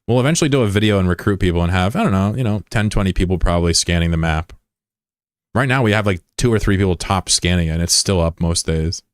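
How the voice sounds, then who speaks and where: A man's voice: low voice, fast, clear, resonant tone, no echo, clean studio sound. A man streaming a game in loose, joking chat, greeting and teasing viewers in slang. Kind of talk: casual live-stream chat, reading viewer messages.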